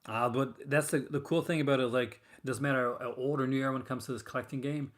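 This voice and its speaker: He talks fast with fairly even intonation, his voice sitting in the mid range. Hosting a horror film collecting live stream, he rambles casually with viewers, full of fillers and false starts.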